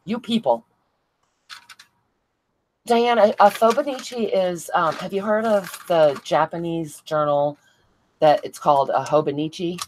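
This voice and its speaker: Low-voiced lady doing a craft livestream, chatty, reads comments out to folks, bit of hiss. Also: moderate pace, poor audio. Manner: chatty, laughs often, answers viewers by name. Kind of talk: casual livestream chat reading viewer comments.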